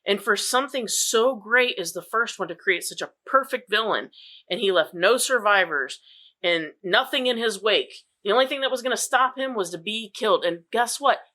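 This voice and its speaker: Blunt, bright-voiced woman co-host. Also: medium pitch, lively intonation, moderate pace. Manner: emphatic, opinionated, blunt. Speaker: podcast co-host. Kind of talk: casual movie review chat.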